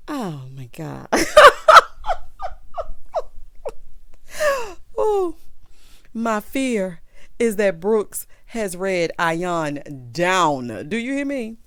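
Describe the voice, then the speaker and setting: Sassy, animated woman recapping reality TV. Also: fairly low pitch, extremely slow, dry recording, studio quality. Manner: sassy and dramatic, acts out quotes, calls the viewer honey and child. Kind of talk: casual commentary recap.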